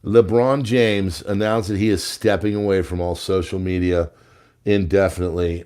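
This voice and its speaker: A man's voice: fairly low pitch, normal speed, warm tone. A man hosting a news commentary show, reading headlines and adding sarcastic, jokey asides. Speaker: host.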